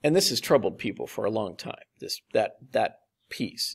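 A man preaching a conversational sermon as pastor, slowing down to repeat key phrases with emphasis. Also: on the low side, lively intonation, husky. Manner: conversational, with slow, emphatic repetition.

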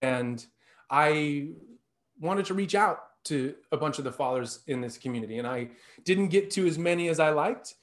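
A man in his thirties tells a personal story from the pulpit of a church sanctuary. His voice sits a little high, and he speaks earnestly, with restarts and with rises when he stresses a point. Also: animated, moderate pace. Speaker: lay preacher.

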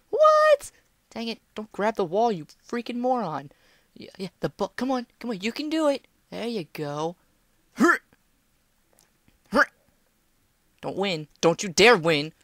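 Lively young woman playing a game. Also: mid-range voice, dry recording. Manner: animated, talks to the game, playful outbursts. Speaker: gameplay commentator. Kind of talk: casual let's-play commentary. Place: home room.

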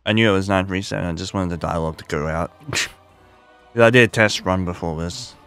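A man's voice: low voice, a little fast, a bit bright, smooth, faint music behind. A man hosting a let's play with laid-back commentary, swearing and laughing often. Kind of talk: casual gameplay commentary.

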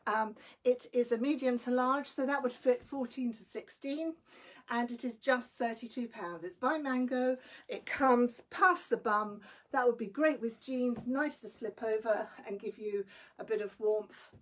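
A woman's voice: a little high, measured pace. A woman selling clothes on a live stream, chatty and enthusiastic, a little breathless. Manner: chatty and enthusiastic, greets viewers by name. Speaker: online clothing seller.

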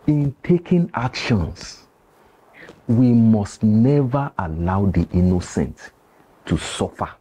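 An actor playing a grave, cautious male village elder with a Nigerian accent, who pleads slowly and speaks in proverbs. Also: lowish voice, warm tone, breathy edge, full character voice.

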